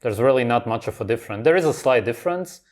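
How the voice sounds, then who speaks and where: A man's voice: medium pitch, animated, fast, a little mellow. A man hosting a reaction video, commenting on clips in a blunt, dismissive, contrarian way.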